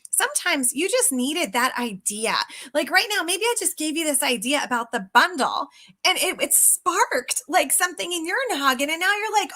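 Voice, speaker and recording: A woman's voice: sits high, bright, forceful tone. A middle-aged woman sales coach talking casually and emphatically to her viewers, often calling them guys. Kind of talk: casual live coaching talk.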